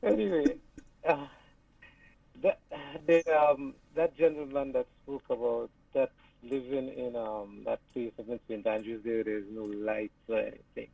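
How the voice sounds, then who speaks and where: A man calling in to a radio show, talking earnestly with many pauses and restarts. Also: medium pitch, steady tone, gravelly, no room sound. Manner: earnest, hesitant, stops and restarts while talking. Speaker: caller. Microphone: phone call. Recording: tinny distant phone line.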